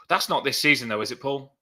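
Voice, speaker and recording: Brief: man, 30s, fan-show co-host, bright chatty storyteller, laughs a lot. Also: mid-range voice. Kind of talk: casual live chat.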